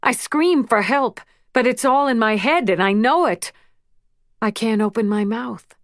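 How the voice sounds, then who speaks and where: A woman narrating an audiobook in a measured, emotional first-person reading. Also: a little high, no room sound, studio quality. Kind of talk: scripted narration.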